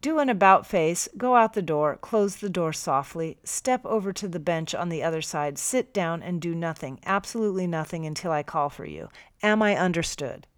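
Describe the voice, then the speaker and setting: A woman's voice: lowish voice, animated, moderate pace, dry recording, close to an everyday voice. A woman voicing a stiff, commanding male army captain who barks orders, in an audiobook reading. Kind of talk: audiobook character voice.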